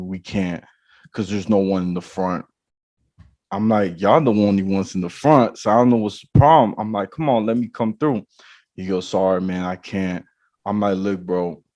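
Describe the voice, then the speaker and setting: With a voice on the low side, this podcast host spins a lengthy tale in a relaxed way, playing the characters as an animated storyteller. The recording is dry.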